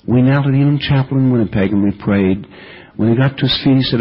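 This older man talks fast in a mid-range voice, delivering a sermon full of earnest revival stories and quoted dialogue. It comes from an older radio broadcast with a dull, lo-fi sound.

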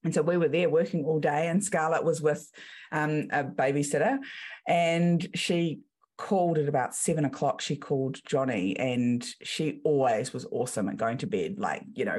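Speaking at a moderate pace in a low, slightly rough voice, this New Zealand woman in her thirties is a business coach being interviewed on a podcast. She tells her stories vividly, performing the voices of those she quotes.

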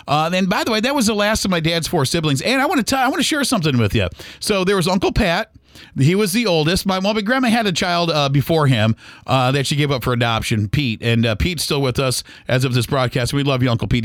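A man's voice: fairly high pitch, fairly bright tone, no room sound, studio quality. A middle-aged man hosting a podcast, talking in a casual personal monologue that rambles with many restarts. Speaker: podcast host.

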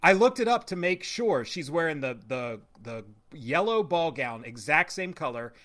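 A man's voice: fairly high pitch, big pitch swings, fairly bright tone. A man co-hosting a podcast, casually and carefully explaining small details he noticed in a film. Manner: measured, explanatory, detail-minded. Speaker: podcast co-host.

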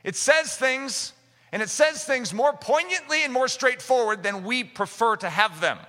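A man preaching a sermon with fervor, rising to shouts and mimicking the voices of doubters. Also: extremely high pitch, lively intonation, normal speed. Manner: impassioned, rising to shouts, acting out skeptics' voices. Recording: long reverb of a large hall.

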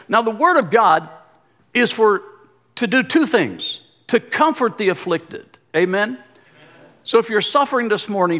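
A man, a former pastor, giving a sermon with animated delivery and repeated phrases. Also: high-pitched. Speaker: guest pastor, former pastor of the church.

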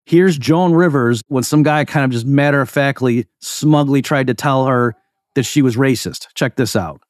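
A man's voice: mid-range voice, moderate pace, no echo, studio quality. A man hosting a podcast, giving casual solo commentary in an emphatic, conversational way with frequent asides. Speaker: podcast host.

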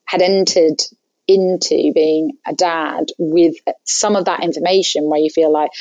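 A woman guest chatting candidly about parenting, chatty and self-deprecating with quick asides. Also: low-pitched, steady tone, a little mellow, no echo, dull audio. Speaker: podcast guest. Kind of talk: candid conversational chat.

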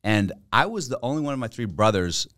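A man's voice: mid-range voice, sing-song, brisk, a bit bright, dry recording, studio quality. A man from Virginia with a Southern American accent, a podcast guest chatting in a laid-back, self-deprecating way. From Virginia, USA. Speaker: guest, comedian. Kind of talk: casual chat.

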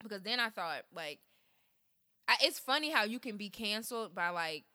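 A woman hosting a podcast in casual, profane chat, telling stories in a lively way and laughing. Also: mid-range voice, moderate pace. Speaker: podcast host.

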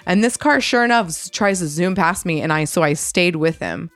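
A woman's voice: fairly low pitch, normal speed, no room sound, faint music behind. A woman co-hosting a podcast, sick and congested, ranting bluntly in casual chat and acting out what she would say to people. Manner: blunt, animated ranting with acted-out quotes. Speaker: podcast co-host.

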